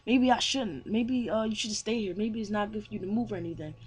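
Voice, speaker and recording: A man's voice: high-pitched, brisk, slightly rough, pitched above the performer's own voice. A man voicing a brash young male fire mage hero who sounds urgent and worked up. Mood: worried.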